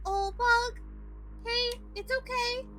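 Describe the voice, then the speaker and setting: A woman voicing a soft, reassuring female crewmate whose robotic voice turns a little more human. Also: very high voice, steady tone, slow pace, soft background music, pitched above the performer's own voice, heavily acted. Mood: soothing.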